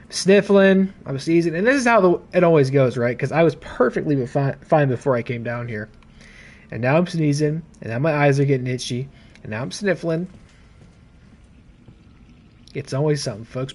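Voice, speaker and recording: A man's voice: unhurried, creaky, long pauses. A man doing casual let's-play commentary as a gaming streamer, joking around and reading in-game notes aloud. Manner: jokey, reads in-game notes aloud with lively pitch swings.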